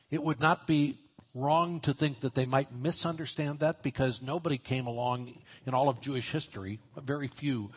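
A man's voice: mid-range voice, slightly rough. A man preaching a sermon in a conversational way, acting out quoted voices as he teaches. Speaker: pastor.

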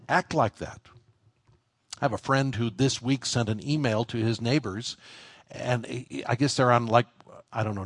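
A man's voice: medium pitch, no room sound, clean studio sound. A man preaching a sermon, earnest and plain-spoken, who repeats words as he restarts and climbs to emphatic peaks on key lines. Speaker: pastor.

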